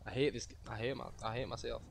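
A man's voice: medium pitch, steady tone, racing, vocal fry. Guy streaming a game, rambly and swears a lot, laughs at himself, faint hiss behind. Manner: rambling, self-mocking, swears freely. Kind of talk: casual gameplay commentary.

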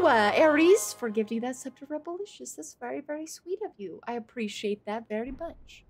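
High-voiced excitable woman streamer. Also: normal speed, soft background music. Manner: excitable, swears, laughs, talks to chat. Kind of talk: live gameplay commentary.

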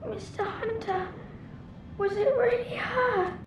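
A woman's voice: very high voice, takes it slowly, heavy reverb, far from the mic, highs cut off, background noise, heavily acted. An actress voicing a lost little girl with an Estuary accent, plaintive and childlike in a video game. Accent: Estuary English. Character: lost little girl looking for her mother.

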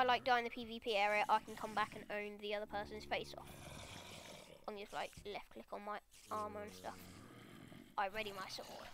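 A woman giving excitable let's play commentary, chattering at the monsters in her game. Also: medium pitch, a little hiss or hum. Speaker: gamer.

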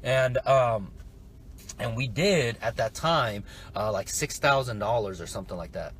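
Animated man telling a sales story. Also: medium pitch, unhurried, slight background noise. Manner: animated, keeps asking "right?". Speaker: online entrepreneur. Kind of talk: casual story about a sales webinar.

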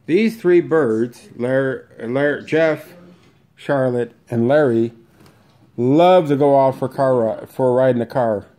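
A man's voice: slow, mellow. Man chatting about his pet birds. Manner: talks to the bird in a high coaxing sing-song. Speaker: pet bird owner filming his parakeets. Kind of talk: casual home video narration. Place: room at home with birds.

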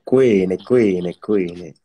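Deep, mellow man caller. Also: measured pace, husky, no echo. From Nashville, Tennessee. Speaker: caller, kitchen worker.

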